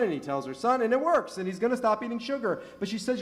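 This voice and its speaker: High-voiced man preaching a sermon. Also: lively intonation, fairly quick, hardly any pauses. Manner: storytelling with rhetorical questions, rising emphasis. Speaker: rabbi. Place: synagogue sanctuary.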